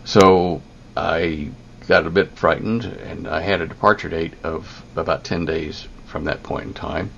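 An older man telling a long personal story, halting, with many ums and restarts. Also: sits low, steady tone, vocal fry, a bit bright, muffled recording, a little hiss or hum. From United States. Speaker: interviewee.

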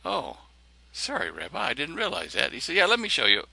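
A man telling a personal story in a lively way, acting out the lines of the people in it. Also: a little high, fairly quick, creaky, dry recording. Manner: animated, acts out other people's lines.

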